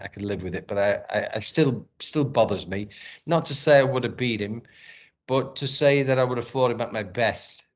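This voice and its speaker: A middle-aged man telling a personal story in a casual interview, candid and emotional, swearing often. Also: mid-range voice. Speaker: podcast guest, former boxer and actor. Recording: dull lo-fi sound.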